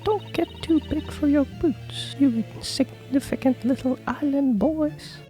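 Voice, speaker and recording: A woman's voice: high-pitched, a little slow, dark tone, faint music behind, voice pushed up, low-quality recording. A woman voicing a haughty, scornful English noblewoman in a fan voice-over of a video game, talking down to everyone with sneering condescension.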